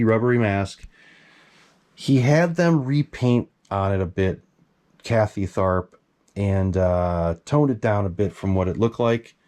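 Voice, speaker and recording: A middle-aged man, a collector, telling a long story about his masks in casual, excitable talk. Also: on the low side. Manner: animated, excitable, swears casually.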